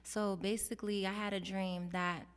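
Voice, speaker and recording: A woman hosting a casual interview, telling a personal story with animated, acted-out quotes. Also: mid-range voice, moderate pace, clear, resonant tone, long reverb tail. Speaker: host.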